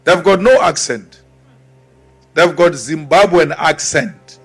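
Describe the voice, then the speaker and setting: A man's voice: a little high, slow pace, breathy edge, faint music behind. Defiant South African man giving a speech. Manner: forceful, defiant, repeats phrases for emphasis; mimics timid voices mockingly. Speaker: politician addressing a crowd. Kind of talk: rousing political speech.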